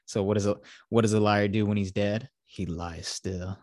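A man's voice: on the low side, monotone, brisk, darkish tone, no echo. Man casually retelling a film, dry sound. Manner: rambling retelling with profanity and many fillers. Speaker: podcast host. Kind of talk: casual podcast chat.

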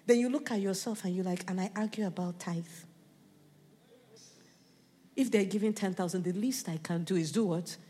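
An American woman preaching a sermon, animated, often asking the crowd questions and building up to shouting. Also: medium pitch, fast talker. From United States. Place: church. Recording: long reverb of a church hall.

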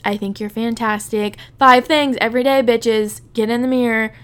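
A woman's voice: a little high, fairly even intonation, moderate pace, a bit bright, clear, resonant tone. Gushing, foul-mouthed woman podcast host. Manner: gushing, profane, peppered with "like". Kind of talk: casual solo podcast talk.

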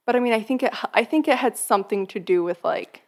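Young woman podcast cohost, super chatty, says like constantly, relaxed friend talk. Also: on the high side, fast talker. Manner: chatty, fills speech with "like". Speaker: podcast co-host. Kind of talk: casual chat.

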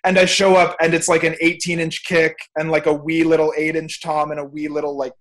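Young guy ranting on a podcast, swears a ton, kinda high pitched. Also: little pitch movement, brisk, fairly bright tone. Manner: profane, ranting, emphatic. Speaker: music producer, podcast guest. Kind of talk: casual podcast chat.

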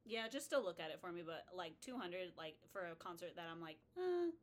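A woman's voice: on the low side, fast talker. A young woman co-hosting a podcast, speaking bluntly and casually. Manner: blunt, outspoken. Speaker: podcast co-host. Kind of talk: casual chat.

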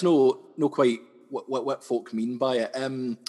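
A young Scottish man, a sketch comedian, chats freely as an interview guest and often stumbles and repeats himself. His voice sits at an ordinary pitch. It rings out with a long hall reverb. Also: fairly even intonation, a little slow, few pauses, darkish tone. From Scotland, West Coast. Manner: chatty, repeats words and restarts often. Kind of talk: casual interview chat.

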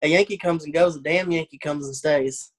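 A comedian from Arkansas speaks with a Southern accent in a fairly high, slightly quick voice. He tells stories in casual conversation, animatedly acting out the people he quotes.

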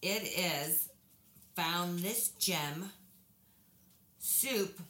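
A woman's voice: on the low side, very slow, bright, forceful tone, roomy sound. A woman co-hosting a casual podcast chat, telling rambling stories, swearing freely and laughing as she goes. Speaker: podcast co-host.

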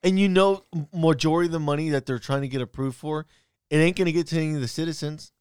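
A man's voice: a little high, quick pace, a little mellow, smooth, dry recording, studio quality. A man co-hosting a casual podcast, ranting bluntly and profanely about politics. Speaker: podcast co-host.

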